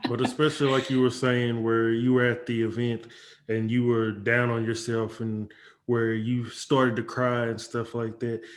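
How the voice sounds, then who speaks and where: A man's voice: mid-range voice, little pitch movement, normal speed, slight background noise. A laid-back man who calls himself an introvert, co-hosting a casual interview chat. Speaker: co-host.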